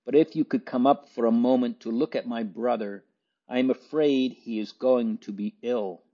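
A man voicing a gentle, worried older brother speaking politely in a storybook reading. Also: medium pitch, fairly even intonation, normal speed, dull audio, close to an everyday voice. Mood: tender.

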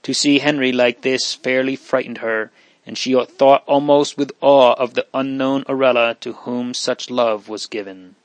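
A man's voice: mid-range voice, fairly even intonation, unhurried, no echo. Man narrating an audiobook, dry sound. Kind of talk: audiobook reading of a period novel.

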